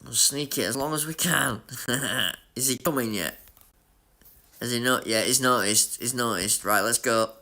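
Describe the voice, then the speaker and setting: A man with a Yorkshire accent giving chatty, excitable live commentary on his racing game while talking to his chat. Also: medium pitch, a little slow, gravelly, long pauses. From Leeds, Yorkshire, England. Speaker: gaming streamer.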